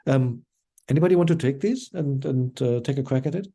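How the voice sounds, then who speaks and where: A man's voice: medium pitch, a little fast, creaky. A man teaching an online language class, explaining at an easy pace with frequent ums and uhs. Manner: relaxed explaining with many fillers.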